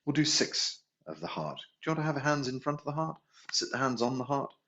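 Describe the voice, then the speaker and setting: A man teaching a healing class, gently guiding breathing and chanting tones. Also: mid-range voice, highs cut off. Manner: slow, gentle guidance with sung tones. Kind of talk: guided meditation class.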